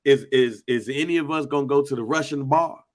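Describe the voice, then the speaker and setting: A man with an American accent chatting casually on a podcast, slangy and animated, acting out quotes in voices. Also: medium pitch, fairly quick. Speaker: podcast co-host.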